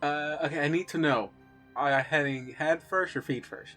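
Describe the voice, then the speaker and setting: A man acting as game master, narrating a tabletop game in a relaxed, halting way with many fillers. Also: a little high, faint music behind.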